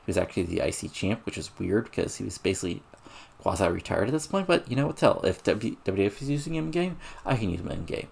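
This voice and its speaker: A man's voice: lowish voice, expressive, fast talker, creaky, darkish tone, slightly rough. A man casually narrating a wrestling booking game, rambling with lots of fillers as he reads out match results and ratings. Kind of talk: casual let's-play narration.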